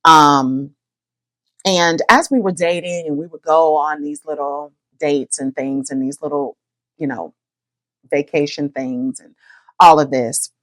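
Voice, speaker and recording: A middle-aged woman, hosting a podcast and chatting about her own life in a lively, animated way. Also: sits low, measured pace, no room sound. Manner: lively, chatty, addresses listeners as y'all. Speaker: podcast host. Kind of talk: personal storytelling to listeners.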